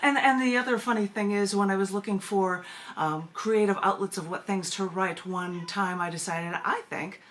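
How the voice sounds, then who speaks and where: A woman's voice: medium pitch, moderate pace, fairly bright tone, slight background noise. A woman poet and performance artist being interviewed over a video call. She chats casually, laughs often and restarts her phrases, then reads her poetry aloud.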